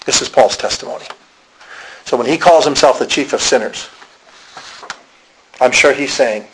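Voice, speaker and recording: A man's voice: mid-range voice, moderate pace, pauses often, fairly bright tone, a little hiss or hum, rough recording. A man with a Pennsylvania accent preaching a sermon, telling the story dramatically and acting out the voices of the people he quotes. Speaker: pastor.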